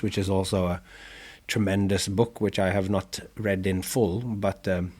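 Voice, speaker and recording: A man's voice: sits low, a little mellow. A man hosting a podcast, talking in a thoughtful, meandering monologue with many fillers and restarts. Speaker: podcast host.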